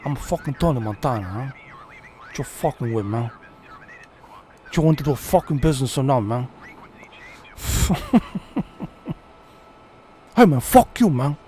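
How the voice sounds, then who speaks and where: A man's voice: mid-range voice, expressive, unhurried, long pauses, mellow, slight background noise, close to an everyday voice. A man putting on a hot-headed, swaggering gangster who curses and snaps aggressively.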